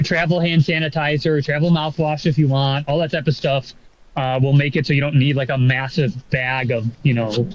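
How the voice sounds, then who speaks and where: A man's voice: a little high, muffled recording. A man chatting casually as a podcast co-host, rambling with lots of fillers and swearing. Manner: rambling, many fillers and profanity. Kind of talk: casual chat.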